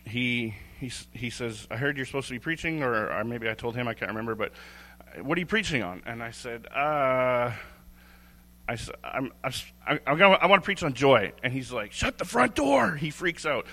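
Speaking briskly with lively intonation, this man has a mid-range, sharp-toned voice. He's a lay preacher giving a candid, informal sermon, chuckling and starting phrases over. The church sanctuary adds a long hall reverb.

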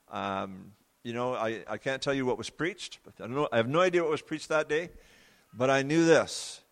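Earnest halting preacher in a reverberant hall. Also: male voice, lowish voice. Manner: halting, repeats words, pauses often; earnest and confessional. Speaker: preacher giving his testimony. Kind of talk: sermon testimony.

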